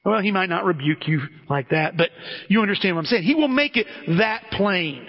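A man's voice: sits high, expressive, moderate pace. A man preaching a casual, conversational sermon, speaking directly to his listeners and often restarting his sentences. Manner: direct, addresses listeners as "guys", frequent restarts. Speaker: pastor. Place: church sanctuary. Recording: dull recording with long hall reverb.

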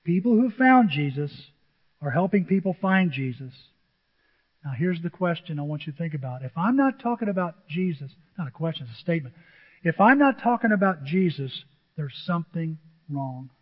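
A man preaching with an animated delivery, often breaking into little acted-out voices. His voice sits high for a man and carries a husky edge. The recording is dull and lo-fi, with a long reverb trailing off the walls. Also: normal speed. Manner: animated, acts out quotes in different voices. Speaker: pastor. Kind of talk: sermon.

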